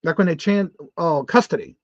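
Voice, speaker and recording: A man's voice: a little high, normal speed, dry recording. A man hosting a casual morning live show, chatty and upbeat, rambling with restarts as he reads viewer comments aloud. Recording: dull, muffled lo-fi stream audio.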